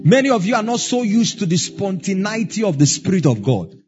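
A man's voice: high-pitched, sing-song, brisk, darkish tone, lo-fi sound, faint music behind. A Nigerian man with a Nigerian accent preaching a sermon as pastor, stressing words in a rising, sing-song way.

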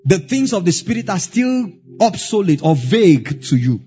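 A man's voice: high-pitched, very animated, moderate pace, warm tone, muffled recording. Nigerian man preaching over faint music. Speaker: pastor. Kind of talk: sermon.

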